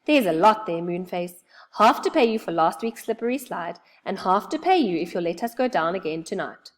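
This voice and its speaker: A woman's voice: fairly low pitch, normal speed, close to an everyday voice. A woman doing an eager young boy. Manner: eager, calls out excitedly.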